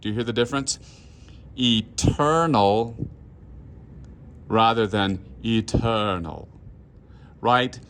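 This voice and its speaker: A man's voice: fairly low pitch, steady tone, a little fast, few pauses, fairly bright tone, clean tone. A man leading a choir through a score. He explains markings patiently and step by step. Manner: patient, instructional, sings phrases to demonstrate. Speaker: choir director.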